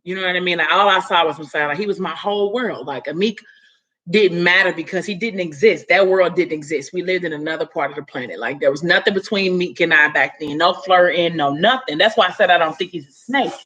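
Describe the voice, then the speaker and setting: A woman's voice: on the low side, fairly bright tone. A woman casually retelling a story in a chatty way, full of "like" and "you know", acting out the characters' lines. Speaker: story recapper.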